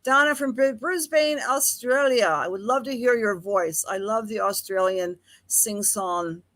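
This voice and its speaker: A woman's voice: medium pitch, measured pace, a bit bright, no room sound. Woman, Western New York accent, live-stream astrology host, chatty and affectionate, mid-range voice, dry sound. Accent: Buffalo, Western New York. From Buffalo, New York. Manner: chatty and affectionate, greets viewers by name, calls them honey and darling.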